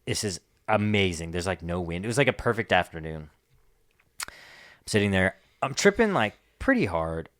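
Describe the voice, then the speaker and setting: A man's voice: sits low, very animated, moderate pace, fairly bright tone, dry recording, clean studio sound. A man co-hosting a podcast, telling a story in a casual, laid-back way, swearing and laughing now and then. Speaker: podcast co-host.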